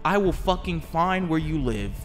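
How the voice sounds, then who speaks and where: A young man rants through a meme countdown in a high, bright voice that swings wildly up and down. His outrage is exaggerated and profane, played for laughs, and faint music runs underneath. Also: expressive, moderate pace. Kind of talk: comedic meme review.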